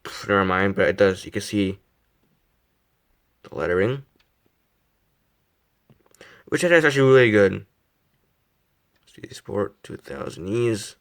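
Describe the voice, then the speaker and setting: A man's voice: lowish voice, takes it slowly, long pauses. Rambling teenage boy reviewing a model car. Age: teens. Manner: rambling, self-deprecating, many fillers and restarts. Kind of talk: casual review vlog.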